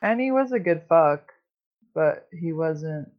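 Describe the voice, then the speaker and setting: A woman's voice: low voice, lively intonation, slow pace. A woman telling stories in a casual chat, swearing constantly and rambling with lots of fillers. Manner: profane, rambling storytelling with many fillers. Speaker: podcast host. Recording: dull lo-fi sound.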